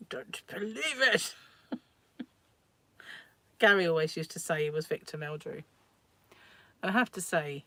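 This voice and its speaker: Chatty woman with a lower voice. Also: no room sound. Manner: chatty, rambling, laughs often. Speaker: crochet livestream host. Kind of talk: casual chat reading viewer comments. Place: home.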